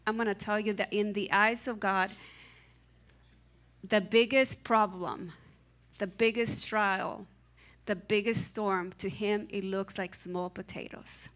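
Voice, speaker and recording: A woman's voice: medium pitch, a bit bright. A woman pastor preaching and introducing a young speaker with emphatic, building lists. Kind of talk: sermon. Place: church sanctuary.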